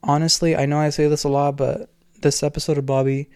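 A man's voice: fairly high pitch, little pitch movement, brisk, darkish tone, smooth, no echo, studio quality. A man hosting his own podcast, talking alone in an earnest, rambling way with many fillers. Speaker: podcast host. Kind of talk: casual solo podcast talk.

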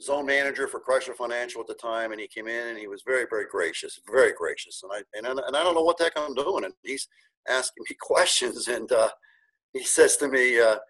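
Husky, animated man telling his story. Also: medium pitch, brisk, low-quality recording. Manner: animated, earnest, many restarts, emotional. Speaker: guest, car dealership owner. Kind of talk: casual storytelling interview.

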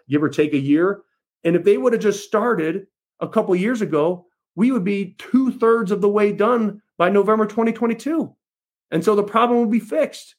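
Emphatic man giving campaign talk. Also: high voice. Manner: emphatic, repetitive, addresses listeners as folks. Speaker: political candidate. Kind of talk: campaign speech to camera.

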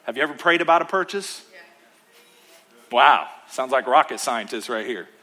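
A male pastor preaching a sermon in church, emphatic, with rhythmic repetition, swinging between loud calls and hushed asides. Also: medium pitch, animated, moderate pace.

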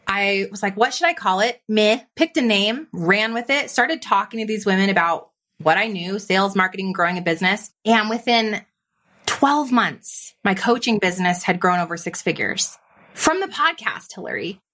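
Bright-voiced woman telling her story. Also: medium pitch. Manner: animated, fast-flowing, quotes her own inner voice. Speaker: podcast guest, business coach. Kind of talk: conversational interview storytelling.

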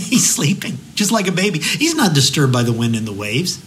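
A man's voice: fairly high pitch, noisy background. Man preaching a vivid devotional sermon. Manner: vivid storytelling, slowing to a hushed prayer. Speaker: pastor.

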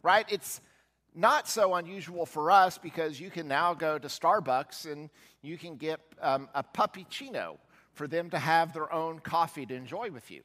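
Man preaching in a reverberant church. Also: moderate pace. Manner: storytelling, voicing quoted figures with shifts in pitch and loudness. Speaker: pastor. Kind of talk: sermon. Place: church sanctuary.

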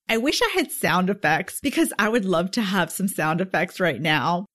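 A woman's voice: lowish voice, lively intonation, moderate pace, few pauses, fairly bright tone. A woman hosting her own podcast, upbeat and effusive, talking straight to the listener. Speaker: podcast host. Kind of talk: solo podcast talk.

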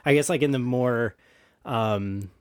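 A man's voice: medium pitch, measured pace, clean tone, no room sound. Podcast host: man, mid-range voice, easygoing filler-heavy chat, dry close recording. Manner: easygoing, leans on "like" and "you know". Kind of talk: casual chat.

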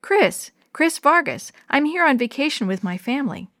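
A woman's voice: high-pitched, very animated, moderate pace, a bit bright, dry recording, studio quality, voice pushed up. A woman voicing an eager, impulsive young boy in a children's storybook reading.

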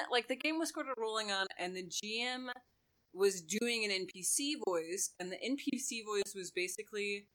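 A woman co-hosting a podcast, chatting casually and telling a story in an animated way, acting out quotes. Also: medium pitch, poor audio. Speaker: podcast co-host.

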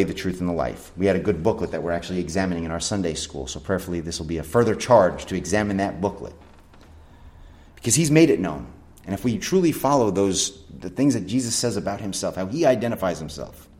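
A male pastor preaching a sermon in a church, earnest, leaning on slow emphatic phrases and sometimes stumbling and correcting himself. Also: fairly low pitch, darkish tone. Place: church sanctuary.

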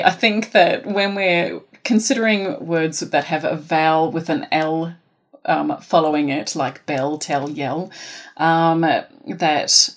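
A woman with a New Zealand accent, a teacher answering podcast questions in a careful, explanatory way with frequent ums. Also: deep voice. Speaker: phonics intervention teacher, guest.

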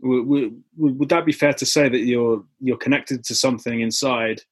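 A man's voice: mid-range voice, fairly even intonation, moderate pace, breathy edge. A man interviewing, asking long reflective questions and restarting words as he thinks. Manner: hesitant, repeats words while thinking.

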